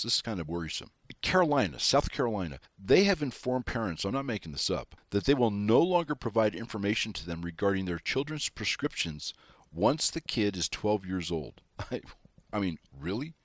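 A man hosting opinionated news commentary, sarcastic and animated, talking straight to his listeners. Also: on the low side, dry recording. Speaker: political commentary host.

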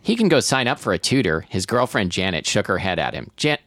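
A man's voice: fairly low pitch, very animated, brisk, fairly bright tone, dry recording. A man co-hosting a podcast, reading a novel aloud in a wry, playful tone and breaking off to joke about it. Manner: reads in a wry, playful tone and mocks the text. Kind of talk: dramatic reading with comic asides.

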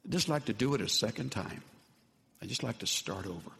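A man preaching a sermon as pastor, earnest in tone and often dropping to soft, low words for emphasis. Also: expressive, brisk, gravelly. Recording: long hall reverb.

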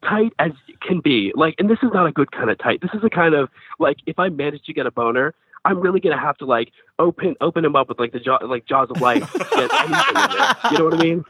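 A young man telling a story in casual chat, animated, swearing and full of fillers. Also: on the high side, quick pace, husky. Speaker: storyteller guest. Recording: tinny phone-like sound.

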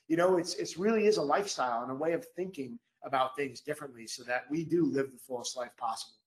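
A man, a former Navy SEAL, telling a story as a guest at a live podcast event, emphatic and energetic, repeating phrases for punch. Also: medium pitch, fast talker, hardly any pauses, roomy sound, low-quality recording.

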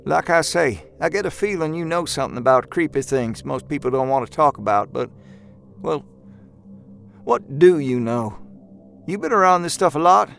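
An actor playing a jittery, eager young male miner who talks in a folksy backwoods dialect with hushed urgency. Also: fairly high pitch, expressive, normal speed, vocal fry, faint music behind. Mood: curious. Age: young adult. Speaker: character in an audio drama. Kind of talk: audio drama acting.

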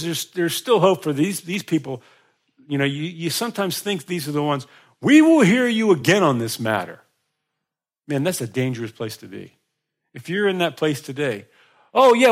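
A man preaching a sermon, emphatic, with frequent restarts and repeated words. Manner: emphatic, rising in pitch and volume for emphasis. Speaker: pastor.

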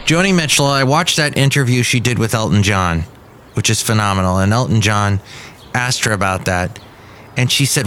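A man's voice: on the low side, lively intonation, moderate pace, fairly bright tone, slight background noise. A man hosting a podcast, riffing in a rambling, sardonic comedic monologue, recorded outdoors. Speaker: podcast host. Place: outdoors outside a café.

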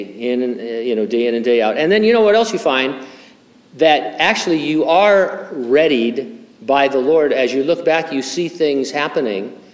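A man's voice: medium pitch, long reverb tail. An older male pastor preaching a conversational sermon, full of fillers, restarts and wry humor. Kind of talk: sermon with Bible teaching.

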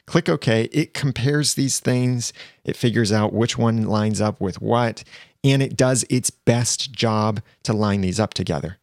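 A man teaching video editing software in a plain, step-by-step way, recorded on a lavalier mic. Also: on the low side, unhurried, no room sound, clean studio sound. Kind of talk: screen-recorded software tutorial.

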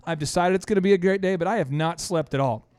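An energetic male host with a fairly high voice, rattling through listener shout-outs and stories. The sound is dry and close, with no room around him. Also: clean tone, dry recording. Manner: energetic, animated storyteller with quick restarts. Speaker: show host. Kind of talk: upbeat radio-style show hosting.

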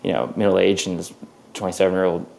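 A man's voice: low-pitched, level tone, fast talker, creaky, a little mellow, a little hiss or hum. A man in his twenties, a filmmaker, chatting loosely in an interview, rambling and swearing now and then. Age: 20s. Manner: rambling, swears, acts out quotes. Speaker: filmmaker guest. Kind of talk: casual interview talk.

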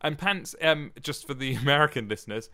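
A man's voice: a little high, animated, brisk, sharp tone. A man co-hosting a podcast, chatty and joking as he rambles through a sonnet. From Britain. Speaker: podcast co-host. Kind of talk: casual podcast chat.

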